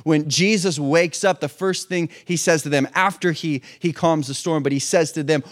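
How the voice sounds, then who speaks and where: A man's voice: fairly high pitch, moderate pace. A man preaching a sermon in a conversational way, asking rhetorical questions and restarting his phrases. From hurricane-prone region. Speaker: pastor.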